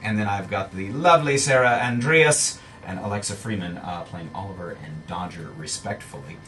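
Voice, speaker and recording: A man's voice: lowish voice, moderate pace, a bit bright, far from the mic, faint music behind, low-quality recording. A man hosting a casual local radio chat, joking and hesitant with many fillers. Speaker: radio host.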